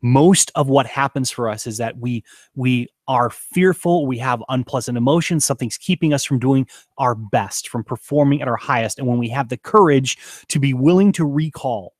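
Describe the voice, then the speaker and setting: A man's voice: medium pitch, darkish tone, dry recording. Earnest man teaching in a dry room. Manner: earnest, emphatic, repeats for stress. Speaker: leadership coach. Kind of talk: teaching talk to camera.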